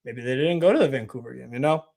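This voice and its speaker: A man's voice: medium pitch, fast talker, gravelly, darkish tone. A man hosting a live watch-along stream, giving casual commentary in a profane, ranting, mocking way.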